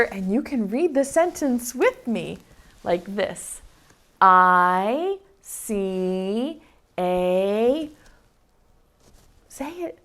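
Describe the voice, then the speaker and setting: A woman leads preschool circle time, her voice lively and swooping up and down as she sings and reads with little ones. She talks slowly and patiently, coaxing children to join in. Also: a little high. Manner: slow, sing-song, encouraging talk to small children. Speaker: preschool teacher.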